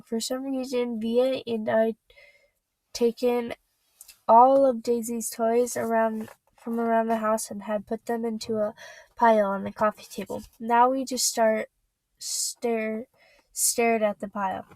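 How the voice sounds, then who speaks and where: A woman reading a novel aloud, halting and stumbling over words as she goes. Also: fairly high pitch, level tone, a little mellow, no echo, poor audio. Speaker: reader.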